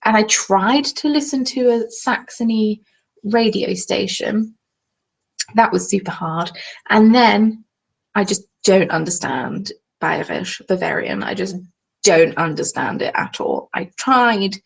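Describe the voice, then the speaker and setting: A young woman chats casually on a crafting live stream, answering viewers' comments as they come in. Her voice has a gravelly, fry-tinged texture at a middling pitch. She talks in a chatty, self-deprecating way, often apologizing. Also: slow pace, low-quality recording. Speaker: crafting livestream host.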